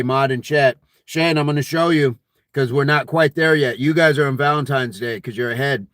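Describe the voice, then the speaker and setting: A man's voice: medium pitch, a bit bright, dry recording, studio quality. A man hosting a casual fitness live stream, reading viewer comments aloud in a jokey, friendly way and laughing often.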